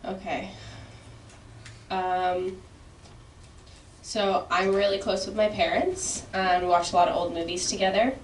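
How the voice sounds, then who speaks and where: A woman trying out a stand-up bit in a comedy class, with a soft, understated delivery. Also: mid-range voice, steady tone, unhurried, pauses often, a little hiss or hum. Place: class room. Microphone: far room mic. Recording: roomy distant room recording.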